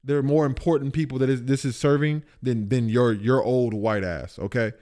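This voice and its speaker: A man's voice: mid-range voice, fairly even intonation, normal speed, mellow. A man streaming live, reacting to a video with blunt, profane, emphatic casual commentary.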